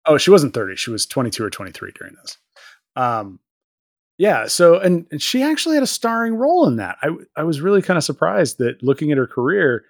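A man's voice: medium pitch, no echo, clean studio sound. A man co-hosting a podcast, recapping an episode in casual chat, rambling and joking with plenty of fillers. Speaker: podcast co-host.

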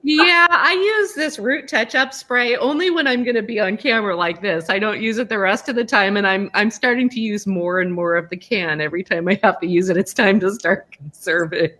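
Bright-voiced chatty woman host. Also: medium pitch, fairly quick, hardly any pauses. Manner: chatty, upbeat, laughs often. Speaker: podcast host. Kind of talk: casual chat.

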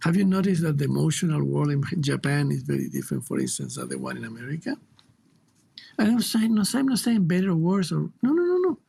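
A man's voice: fairly high pitch, very animated, fast talker, creaky, warm tone, slightly rough. A man with a Chilean Spanish accent, a guest teacher speaking reflectively and emphatically in an interview, often repeating words for stress.

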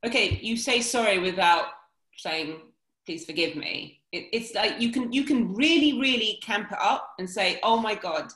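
Woman dating-coach type, frank and animated, acts out quotes, echoey room. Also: mid-range voice, moderate pace. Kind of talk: casual podcast chat.

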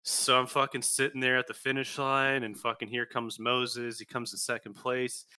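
A man on a casual podcast telling a story, swearing freely and acting out the voices in his tale loudly. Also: medium pitch, moderate pace, smooth, dry recording. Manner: animated, swearing, acts out quotes loudly. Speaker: podcast co-host.

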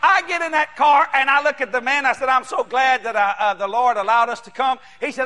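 A man from New Orleans preaching a sermon, telling a story in an animated, shouting way and acting out the voices. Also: very high-pitched, a little fast, few pauses, long reverb tail. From New Orleans, Louisiana.

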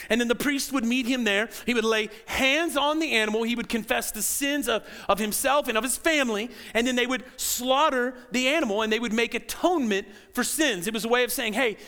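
A man preaching a sermon as pastor in a church, animated and acting out quoted voices. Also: very high voice. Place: church sanctuary.

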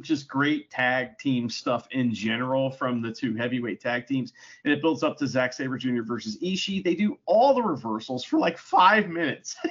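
A man co-hosting a casual podcast review, talking in an animated, jokey way with plenty of swearing. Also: mid-range voice, breathy edge, muffled recording. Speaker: podcast co-host. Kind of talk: casual wrestling review chat.

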